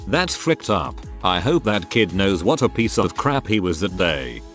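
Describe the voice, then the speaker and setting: A man reads online stories aloud in a low voice with a lively, swinging delivery. He adds wry, joking asides between the tales, and soft music plays faintly underneath. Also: unhurried. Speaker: story narrator.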